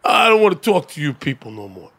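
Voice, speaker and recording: A man voicing a traumatized old soldier who cannot let go of a lost comrade. His voice climbs high and swings wildly, dropping to bitter mutters then bursting into shouts. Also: big pitch swings, fast, husky, full character voice. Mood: anguished ranting. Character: bitter traumatized male war veteran, ranting.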